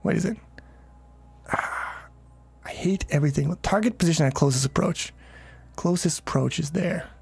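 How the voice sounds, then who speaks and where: A man's voice: fairly high pitch, normal speed, creaky, long pauses, husky. A man casually commenting on his game during a livestream, rambling, swearing freely and chatting with viewers. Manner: rambling, profane, talks to chat.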